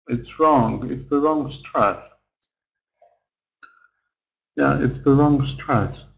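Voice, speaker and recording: Slow, patient male English teacher. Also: mid-range voice, gravelly, poor audio. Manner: slow, patient, stretches words to model sounds. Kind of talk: online pronunciation lesson.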